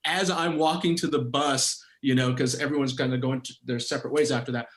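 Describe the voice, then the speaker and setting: A middle-aged man, a former pro footballer, telling a story as a podcast guest, animated and laughing often. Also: medium pitch, brisk. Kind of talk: casual storytelling. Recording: roomy echoey sound.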